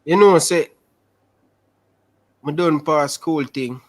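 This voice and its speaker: A young man with a Jamaican Patois accent, telling his life story in a casual interview over a video call, animated and repetitive. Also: a little high, slow. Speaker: interview guest.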